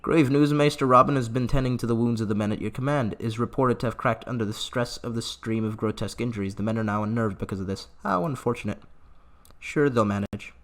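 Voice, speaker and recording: A man's voice: mid-range voice, fast talker. A man giving casual gameplay commentary, laughing often and reading game text aloud with asides. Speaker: gaming YouTuber.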